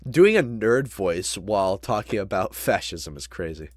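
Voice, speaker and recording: A man talks through a casual reaction, rambling and backing up to restart his points. His voice sits low and the sound is dry and close. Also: sing-song, moderate pace, no room sound. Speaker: reaction commentator.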